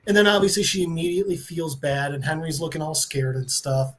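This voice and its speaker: A man on a podcast, recapping a comic book story with excitement and swearing, briefly voicing the characters. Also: a little high, a little fast. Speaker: podcast co-host.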